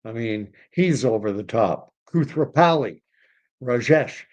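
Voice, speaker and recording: A man's voice: medium pitch, lively intonation, a little slow, a little mellow, dull audio. Rambling man telling a story. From Canada. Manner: rambling, self-correcting, conversational. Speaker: livestream host. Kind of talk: casual storytelling chat.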